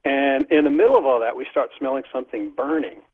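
A man's voice: mid-range voice, fast. A middle-aged man animatedly telling a story, often laughing as he talks, as an interview guest. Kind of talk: casual storytelling. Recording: tinny phone line.

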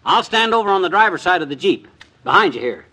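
An actor playing a brash, teasing husband who brags on the golf course, in 1940s radio comedy. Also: male voice, high-pitched, very animated, quick pace, sharp tone, exaggerated voice. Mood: boastful. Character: boastful, wisecracking husband golfer.

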